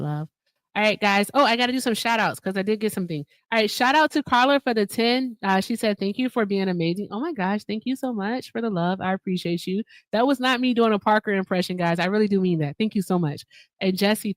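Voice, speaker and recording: A woman's voice: medium pitch, no room sound. Chatty woman co-hosting a livestream. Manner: chatty, upbeat, laughs often. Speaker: livestream co-host. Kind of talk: casual livestream chat.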